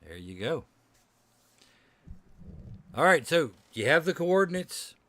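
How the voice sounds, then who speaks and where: A man's voice: fairly high pitch, very animated, takes it slowly, a bit bright. A man narrating as game master of a tabletop game, loose and chatty, laughing often.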